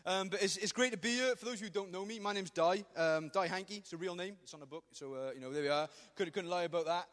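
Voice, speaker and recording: Male pastor, high bright voice, quick and jokey, church hall reverb. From Wales. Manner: joking, rambling, self-deprecating. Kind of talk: humorous youth sermon.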